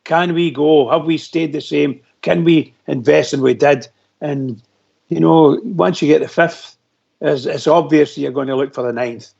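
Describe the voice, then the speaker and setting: A man's voice: a little high, measured pace, creaky, a little mellow. A man calling in to a radio phone-in, talking in a rambling, emphatic way. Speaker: caller. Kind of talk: casual phone-in chat. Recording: muffled lo-fi phone-in audio.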